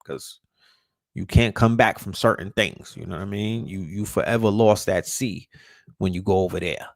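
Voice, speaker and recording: A man's voice: low voice, normal speed, vocal fry, no echo, studio quality. A man ranting casually, emphatic and profane, often restarting words when fired up. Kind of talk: casual rant.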